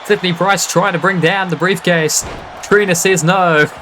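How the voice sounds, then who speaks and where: A man calling a wrestling match live, excitable and quick to laugh and exclaim. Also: sits high, background noise. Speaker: wrestling commentator. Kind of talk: live play-by-play commentary.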